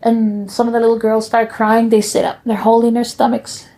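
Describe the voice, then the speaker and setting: A woman telling her family's stories in a gentle, unhurried way, with soft pauses. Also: fairly high pitch, completely flat delivery. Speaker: storyteller.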